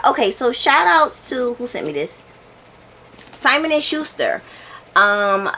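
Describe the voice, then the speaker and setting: Indoors at home, a young woman who vlogs about books chats casually and animatedly about the books she received, laughing now and then. Her voice is mid-range and fairly bright, with slight background noise.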